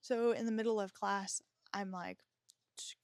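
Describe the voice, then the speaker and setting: A woman's voice: medium pitch, steady tone, unhurried, a little mellow, no room sound, studio quality. A young woman hosting a podcast, telling a personal story in a frank, emotional way, swearing freely and using lots of fillers. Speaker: podcast host.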